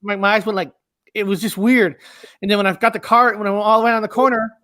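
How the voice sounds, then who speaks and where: Man, guest, very high pitch, halting and repetitive, casual chat, dry sound. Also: steady tone, pushed and bright, no echo. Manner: halting, repeats himself. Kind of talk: casual conversation.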